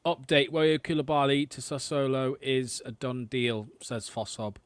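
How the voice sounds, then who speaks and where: A man's voice: medium pitch, flat delivery, measured pace, clean tone, dry recording, studio quality. A man co-hosting a long live fan stream from home, blunt and casual in his banter. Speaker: fan podcast co-host.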